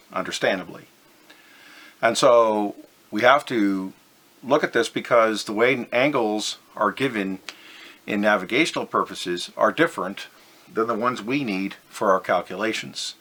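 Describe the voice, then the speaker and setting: A man's voice: lowish voice, bright, forceful tone. A man teaching a physics lesson over slides, methodical and step by step, stressing the key words.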